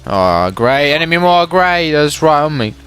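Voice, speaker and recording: A man's voice: a little high, big pitch swings, a little slow, a bit bright, clean tone. A young man giving casual gameplay commentary, rambling along and often stammering and repeating his words. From England. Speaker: gaming commentator.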